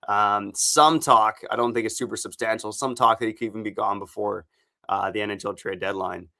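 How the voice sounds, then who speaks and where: A man co-hosting a hockey podcast, talking in a casual, slangy and energetic way. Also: on the low side, brisk, gravelly. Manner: energetic slangy delivery, hype exclamations. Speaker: podcast co-host and hockey reporter. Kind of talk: casual podcast chat with a read ad.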